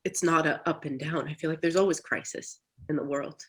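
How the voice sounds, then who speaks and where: A woman speaking candidly as a therapy client, talking in a halting, reflective way with many restarts, over a video call. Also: deep voice, husky, poor audio. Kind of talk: candid personal talk.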